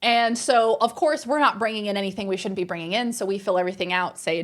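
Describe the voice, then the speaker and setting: A woman streamer telling a story to her live chat in a lively, exasperated way, swearing freely. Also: mid-range voice, fast talker, hardly any pauses. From Australia.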